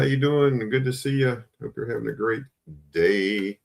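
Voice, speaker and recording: A man's voice: mid-range voice, a little slow, vocal fry. A man hosting a casual live-stream coin sale, greeting viewers by name over and over in a chatty way. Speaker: livestream host selling coins.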